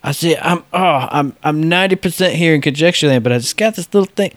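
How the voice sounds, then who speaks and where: Relaxed male co-host, wry and joking, dry close sound. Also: on the high side, fast talker, dry recording. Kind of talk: casual chat.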